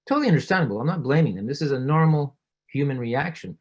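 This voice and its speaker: A middle-aged doctor talks an audience through real cases in a relaxed, conversational presentation. He tells each story vividly, lifting his voice when he plays the people in it. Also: fast talker, lo-fi sound. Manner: storytelling, acts out quoted voices with rising pitch. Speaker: physician giving a public talk.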